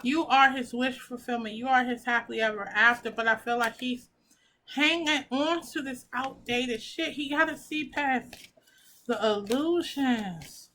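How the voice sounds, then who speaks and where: A woman's voice: a little high, a little slow, bright, forceful tone, a little hiss or hum. A woman giving a pick-a-pile tarot reading, talking casually and emotionally, gushing and swearing as she reads the cards. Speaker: tarot reader.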